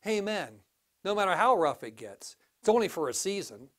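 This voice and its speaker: A pastor delivers a sermon in church at a moderate pace, animated throughout. His voice leaps suddenly into exclamations, sinks into quiet asides, and he often restarts his lines.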